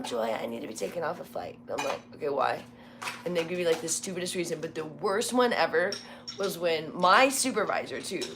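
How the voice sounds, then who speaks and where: Brief: middle-aged woman, low-set voice, loose rambling storyteller with faint background noise. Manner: rambling, many "like"s, acts out quotes. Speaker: former military flight scheduler. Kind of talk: casual storytelling chat.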